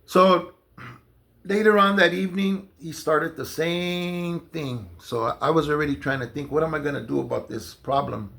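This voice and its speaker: Man, raised-pitch gravelly voice, rambling conversational storyteller. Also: fairly even intonation, moderate pace, a bit bright. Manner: loose, conversational, many fillers and restarts. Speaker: storyteller recounting jail experiences. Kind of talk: casual storytelling monologue.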